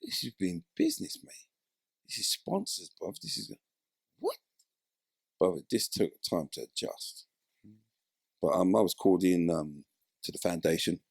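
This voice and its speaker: In a casual interview, this ex-footballer speaks a little slowly in a low-pitched, creaky, slightly rough voice, leaving long pauses. Animated, he acts out the voices of the characters in his story. The recording is clean studio quality with no echo.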